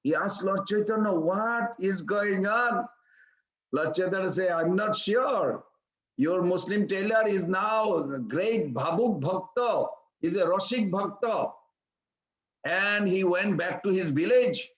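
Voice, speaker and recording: A high-voiced man preaches and tells a story in plain, broken English. His voice rings through an echoey room, and the sound is a little dull. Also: a little slow. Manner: simple broken English, acts out quoted voices in a higher pitch. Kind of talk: sermon storytelling.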